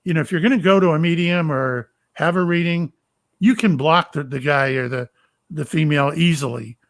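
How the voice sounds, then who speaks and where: Older man from Florida, somewhat higher voice, talks in starts and stops; guest telling personal stories. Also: vocal fry. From Florida, USA. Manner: rambling, halting, with many fillers and restarts. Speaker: psychic medium and retired police officer. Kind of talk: casual storytelling interview.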